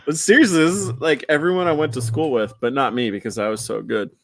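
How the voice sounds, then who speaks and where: A man's voice: medium pitch, fast talker, fairly bright tone, a little hiss or hum. A man in his forties co-hosting a casual podcast, telling rambling stories and dropping into goofy voices. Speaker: podcast co-host. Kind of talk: casual chat.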